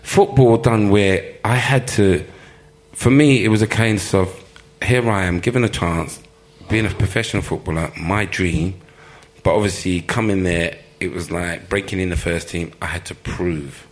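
A former footballer telling lively stories in an interview, laughing often and acting out the people he quotes. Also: low-pitched, normal speed. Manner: animated storyteller, laughs often, acts out quoted voices. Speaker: former professional footballer, guest. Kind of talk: live storytelling interview.

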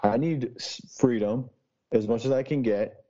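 A man talking in a loose, brash way, full of swearing and long tangents. His voice is mellow and dark. The audio is dull and lo-fi, like a call recording. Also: medium pitch, measured pace. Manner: brash, swears a lot, rambling storytelling. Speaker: podcast guest, street DJ. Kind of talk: casual chat. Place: Boston.

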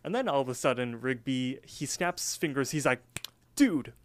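A man co-hosting a podcast, telling stories in an animated way and swearing casually. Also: medium pitch, a little fast. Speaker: podcast co-host. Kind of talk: casual chat.

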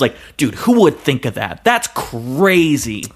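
Animated young man hosting a movie podcast. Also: medium pitch, unhurried, breathy edge. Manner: animated, exclaiming, playful announcer bits. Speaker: podcast co-host. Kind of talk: casual movie podcast chat.

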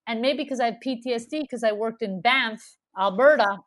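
Woman, 30s, chatty guest voice, pitched a touch high, rambling storyteller with lots of "like". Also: moderate pace. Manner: rambling, animated storytelling with many fillers. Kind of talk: casual chat.

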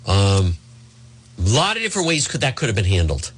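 Male talk radio host, combative political commentary, lively swinging delivery. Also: medium pitch, rapid-fire, slightly rough. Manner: combative, emphatic, sarcastic.

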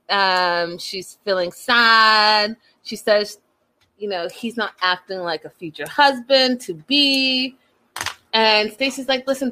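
A woman casually recapping a reality show in a sassy, chatty way, full of quick slangy asides. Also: medium pitch, sharp tone.

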